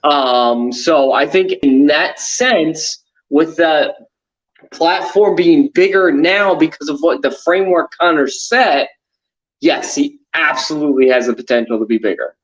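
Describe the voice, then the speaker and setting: A man's voice: a little high, measured pace, highs cut off. A man talking casually and animatedly as a panelist on a sports show, rambling with restarts. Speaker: podcast panelist.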